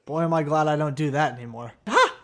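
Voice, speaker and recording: Fast, dry-witted young man. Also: on the high side, expressive, a bit bright. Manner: dry, self-mocking asides. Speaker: comedian's son giving commentary. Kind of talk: voice-over commentary.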